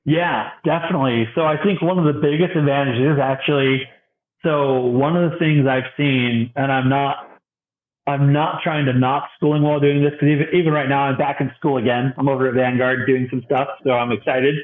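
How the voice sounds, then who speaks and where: A man's voice: mid-range voice, moderate pace. A young man, a bi-vocational youth pastor, chatting casually as a podcast guest and acting out the voices in his stories. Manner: animated storyteller, acts out quoted voices, laughs often. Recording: tinny phone-like line.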